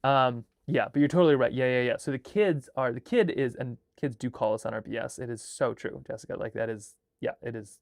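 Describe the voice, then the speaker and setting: A man hosting a casual live chat, brainstorming a story in an excitable, rambling way, full of fillers and restarts. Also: medium pitch, fairly quick, few pauses, no room sound, studio quality. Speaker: host and filmmaker.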